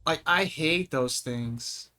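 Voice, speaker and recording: Bright excitable young male streamer. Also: fairly high pitch, slow. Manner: excitable, swears when frustrated. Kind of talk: gameplay commentary.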